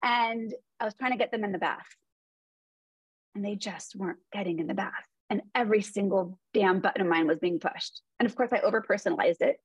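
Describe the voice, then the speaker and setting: An earnest woman in her forties tells stories in a conversational interview. Her voice is a bit husky and breathy. The sound is dry and close. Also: mid-range voice, a little fast, no room sound, dull audio. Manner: earnest storytelling. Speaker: guest.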